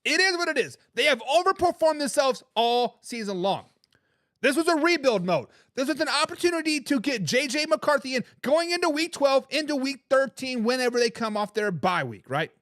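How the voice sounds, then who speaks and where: A man's voice: extremely high pitch, big pitch swings, moderate pace, a bit bright, no echo, studio quality. A man hosting a sports talk show, mocking and trash-talking fans in a rant while he reads live chat comments. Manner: mocking, trash-talking, repeats words when fired up.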